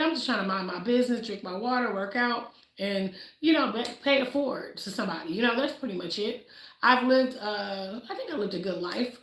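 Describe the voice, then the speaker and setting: A woman in her forties talking casually on a livestream, telling her story with animated delivery and acting out the voices she quotes. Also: on the high side. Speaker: livestream host. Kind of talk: casual motivational livestream talk. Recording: echoey room.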